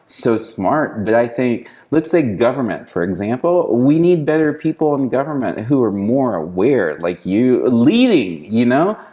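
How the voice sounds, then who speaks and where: A man's voice: mid-range voice, sing-song, measured pace, hardly any pauses, dark tone. A man from Haiti, a guest in a conversational interview, talking earnestly and encouragingly with frequent restarts and repeated words.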